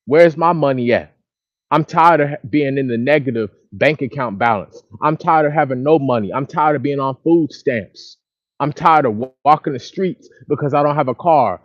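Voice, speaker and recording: A man's voice: mid-range voice, dry recording, highs cut off. A man from Dallas, venting in a casual outdoor monologue, repetitive and frustrated. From Dallas, Texas. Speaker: vlogger. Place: outdoors by a lake or river.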